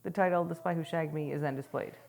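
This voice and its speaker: A woman's voice: deep voice, fairly even intonation, fast talker, vocal fry, a little mellow. A woman co-hosting a casual movie-review podcast, reading trivia aloud in a dry way. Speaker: podcast co-host.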